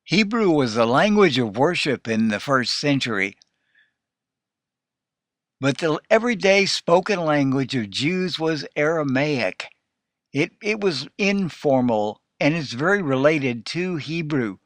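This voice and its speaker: A man teaching a recorded Hebrew class, explaining plainly and slowing down to sound out Hebrew words. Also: fairly high pitch, a bit bright, dry recording. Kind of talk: recorded lesson.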